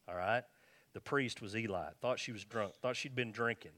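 A man's voice: mid-range voice, fairly quick, fairly bright tone. A man preaching a conversational sermon, repeating himself and checking in with his listeners. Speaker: pastor.

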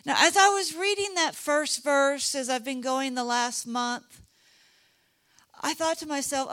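A middle-aged woman from Texas, teaching a Bible lesson in an animated, chatty way and teasing her listeners. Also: high voice, a little slow. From Dallas, Texas. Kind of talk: sermon.

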